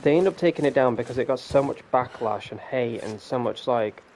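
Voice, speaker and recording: A man's voice: mid-range voice, brisk, a little mellow, slight background noise. A man hosting casual gameplay commentary, rambling and ranting and swearing freely. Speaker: gaming channel host.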